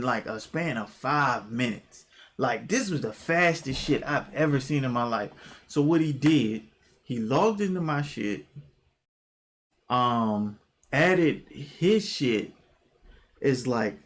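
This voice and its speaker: Animated young man telling a story. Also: medium pitch. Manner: animated, profane, jumps into quoted exclamations. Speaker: vlogger. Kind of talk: casual storytime.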